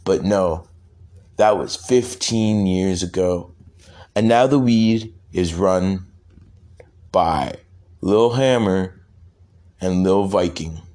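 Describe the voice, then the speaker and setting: A young man improvising a rambling, profane comic story, with halting restarts. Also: sits low, mellow, a little hiss or hum.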